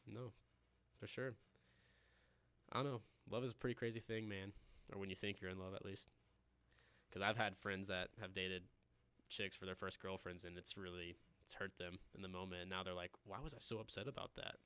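A man co-hosts a casual podcast, spinning anecdotes and agreeing readily with his partner. His voice is low and smooth, recorded close with a dry sound. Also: fairly even intonation, a little fast, bright, forceful tone, dry recording. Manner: storytelling, chuckles often, agreeable.

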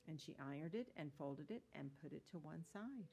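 A woman reading a children's story aloud in a gentle, unhurried storytelling manner. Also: low voice, expressive, gravelly, breathy edge.

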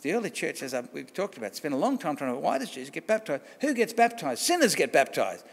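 A man's voice: a little high, very animated, quick pace, hardly any pauses. A man with an Australian accent preaching a sermon in a conversational way, often asking questions and restarting phrases. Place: church hall. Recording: long church reverb.

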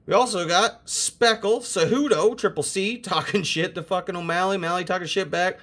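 A young man hosting a casual card-opening video, excitable and swearing constantly as he hypes each card. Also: sits high, normal speed, few pauses, background noise. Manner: profane, excitable, hyped. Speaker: host opening sports cards.

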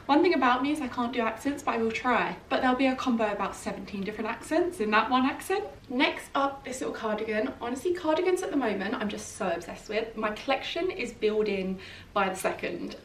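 A chatty young British woman gushes about her clothes with a slightly high voice. She talks in a roomy, echoey space, heard a little way off the mic with a faint hum behind her. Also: recorded from a distance. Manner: chatty and gushing, full of "like". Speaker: fashion vlogger. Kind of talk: casual try-on haul chat. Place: at home in her flat. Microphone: camera mic set a little way off.

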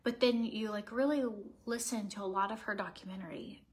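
A woman's voice: mid-range voice, a little fast. A woman in her thirties chatting casually as a vlogger while getting ready at home, rambling earnestly with lots of fillers. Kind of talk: casual get-ready-with-me chat. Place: home, indoors.

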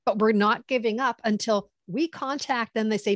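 A middle-aged woman consultant telling stories in conversation, animated and acting out quoted dialogue. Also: on the high side, moderate pace, dry recording, clean studio sound. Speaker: government contracting consultant. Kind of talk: conversational storytelling.

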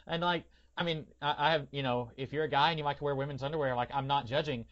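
A man's voice: a little high, quick pace, hardly any pauses, muffled recording. Hesitant man, rambling podcast talk. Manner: hesitant and rambling, many fillers. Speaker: podcast co-host. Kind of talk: casual film review chat.

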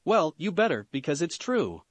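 A man voicing a brash, defiant teenage boy ninja who snaps back rudely and yells. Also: on the high side, very animated, normal speed, no echo. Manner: snappy, rude, yelling.

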